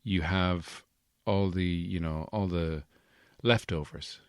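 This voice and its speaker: Man, podcast host, deadpan, hesitant, low-pitched, dry sound. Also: slow pace, clean tone, dry recording. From Irish Midlands. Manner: deadpan, hesitant, full of fillers. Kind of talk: comedy podcast sketch.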